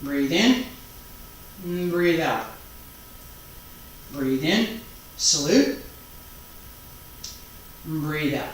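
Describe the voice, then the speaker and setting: A man teaching a taiji class online, calmly calling out each movement, breath and count step by step. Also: fairly high pitch. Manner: calm, unhurried step-by-step cueing and counting. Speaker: taiji instructor. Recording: very echoey room, mic far off, faint background noise.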